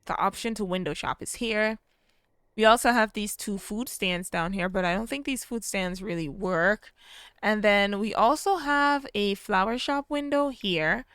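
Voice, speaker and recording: A woman talks through her life-sim game in a relaxed, chatty way, often delighted by what she finds. Her voice is smooth and clear at a middle pitch, recorded dry on a close microphone. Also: measured pace, no echo. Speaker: gameplay video creator. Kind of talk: casual gameplay narration.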